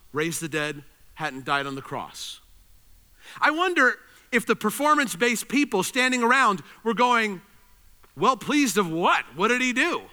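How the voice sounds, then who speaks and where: A man preaching a sermon, animated, swinging between loud emphasis and quiet intensity. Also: sits high. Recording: reverberant hall.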